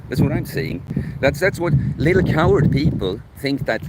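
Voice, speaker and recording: A man's voice: medium pitch, very animated, moderate pace, very noisy. A man, live-streaming while he works out, talking bluntly and profanely to his viewers. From Sweden.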